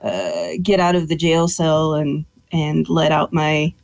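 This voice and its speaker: Woman doing a scrappy freed prisoner woman, blunt, unbothered, lowish voice, tabletop game chat. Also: takes it slowly, darkish tone. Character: scrappy woman just freed from a jail cell. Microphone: online voice call.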